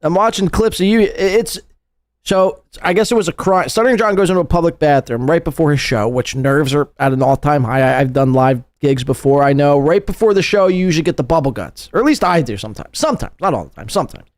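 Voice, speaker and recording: A man's voice: a little high, expressive, fast talker, no echo, clean studio sound. A man hosting a podcast, commenting sarcastically and mockingly on clips in a casual way. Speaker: podcast host.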